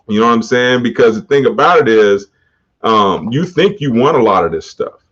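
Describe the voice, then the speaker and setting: On his own podcast, a man talks casually and motivationally in slang, laughing often. His mid-range voice is animated, a bit bright, and breathy at the edges, moving at a moderate pace, and the audio sounds dull and muffled.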